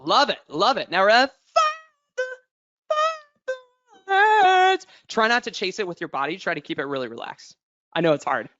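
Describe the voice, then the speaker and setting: A man's voice: a little high, sing-song, fast, pushed and bright, dull audio, faint music behind. A man coaching a singer in a webinar, encouraging and demonstrating notes as he talks. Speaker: vocal coach.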